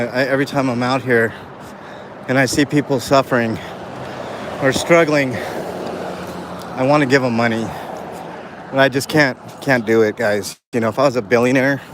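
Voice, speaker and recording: In this walking live stream, a man with a mid-range voice and steady tone moves at a moderate pace, pausing often as he rambles sincerely to his chat with plenty of fillers. Faint street and traffic sounds come through from the city around him.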